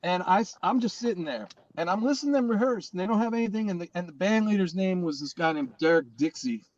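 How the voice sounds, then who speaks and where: A man's voice: sits high, animated, quick pace, highs cut off. A middle-aged man, a guest drummer, telling stories in casual chat, acting out people's voices and swearing freely over a video call.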